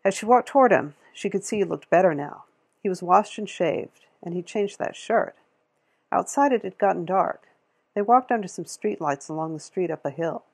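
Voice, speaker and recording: A woman reading a novel aloud in a steady, measured way, with a gravelly, husky voice. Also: on the low side. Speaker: audiobook reader.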